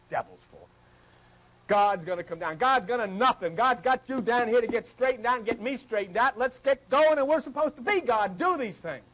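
A man's voice: very high voice, lively intonation, normal speed, fairly bright tone, poor audio. An older man giving an informal, teasing sermon to a small group, acting out people's prayers in a folksy way. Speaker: spiritual teacher.

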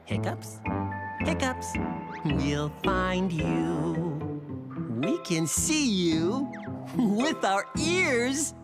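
A woman voicing a cheerful, boastful little male mouse in a children's cartoon, excitable and often laughing. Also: medium pitch, very slow, heavily acted. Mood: chanting. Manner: bubbly and excitable, bragging playfully, laughing often. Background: music.

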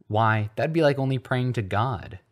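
A man voicing an excitable, boastful schoolboy who pushes his beliefs loudly and insistently. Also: medium pitch, normal speed, voice pushed up, lightly acted. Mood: excited pushy. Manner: eager, loud, insistent.

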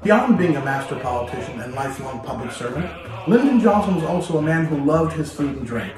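Lively storytelling man, echoey and distant. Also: a little high, a little fast. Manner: lively, addresses listener directly, playful. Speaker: history video host. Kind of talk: storytelling history explainer. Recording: very echoey room, distant mic, music behind.

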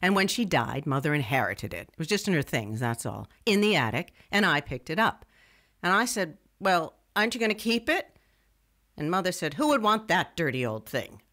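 A wry, self-mocking young radio writer, telling her own story in scripted first-person narration. Her voice is bright and forward, and she tends to wander off into digressions. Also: lowish voice, big pitch swings, normal speed.

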